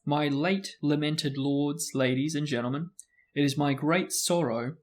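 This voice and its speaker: A man's voice: fairly high pitch, steady tone, measured pace, natural voice. A man voicing a proud, touchy old male ghost nobleman with a stiff, formal manner.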